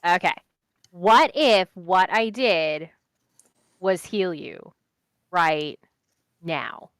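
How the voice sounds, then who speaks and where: A woman's voice: on the low side, expressive, drawn-out words, clear, resonant tone, no room sound, clean studio sound. A woman role-playing a healer at a tabletop game, cheerful and eager to help. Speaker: tabletop game player, cleric. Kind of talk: in-character role-play.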